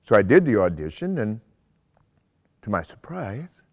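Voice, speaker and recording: An older actor telling stories from his career in an interview, animated, laughing often and acting out the voices he quotes. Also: on the low side, a little slow. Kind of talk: anecdotal interview storytelling.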